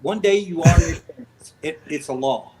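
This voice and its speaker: A man's voice: fairly high pitch, moderate pace, a little mellow, poor audio. A man on a sports fan panel who teases the others with wisecracks. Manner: teasing, wisecracking. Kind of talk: casual panel banter.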